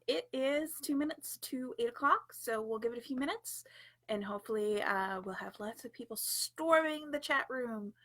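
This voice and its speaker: High, bright-voiced giggly woman host. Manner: chatty, giggly, playful asides. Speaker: storytime host. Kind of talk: casual livestream chat.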